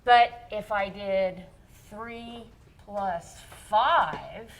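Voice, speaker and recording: A woman's voice: mid-range voice, very slow. A woman music educator in a studio, explaining rhythm to a child in a chatty, encouraging way.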